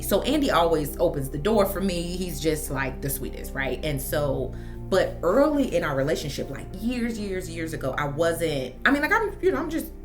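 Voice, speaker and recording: A young woman talking casually to camera in a lifestyle vlog, chatty and slangy, laughing often. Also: low voice. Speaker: lifestyle vlogger.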